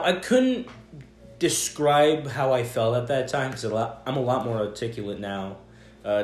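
In relaxed podcast banter, this young male co-host rambles through stories and swears heavily. He has a fairly low voice, recorded in an echoey room with a bit of background noise.

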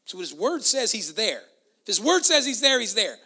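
A pastor preaching a sermon emphatically, with loud stresses and sudden soft, quiet asides. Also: mid-range voice, big pitch swings, moderate pace, slightly rough.

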